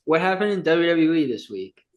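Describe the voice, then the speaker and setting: A man with a mid-range voice trading teasing jokes in relaxed podcast chat. He swears casually and keeps the back-and-forth loose. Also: fairly high pitch, normal speed, muffled recording. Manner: joking, teasing banter with swearing. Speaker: podcast co-host.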